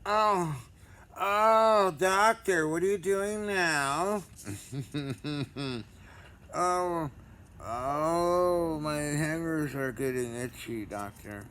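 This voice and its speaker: A man's voice: a little high, fairly bright tone, pitched above the performer's own voice. A man putting on a silly, exaggerated moaning voice, crying out at an imagined doctor. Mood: mock moaning. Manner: exaggerated moaning, drawn-out cries. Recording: noisy background hiss.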